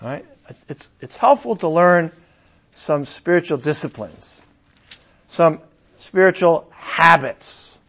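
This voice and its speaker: A middle-aged man preaching as a pastor in a conversational way, breaking into loud emphatic bursts. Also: fairly high pitch, slow, long pauses. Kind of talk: sermon.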